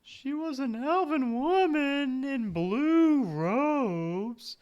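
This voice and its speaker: A game master voicing the timid ghost of a murdered young woman in a tabletop game, with a high, wavering, drawn-out wail. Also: expressive, darkish tone, highs cut off, exaggerated voice. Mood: timid, ghostly.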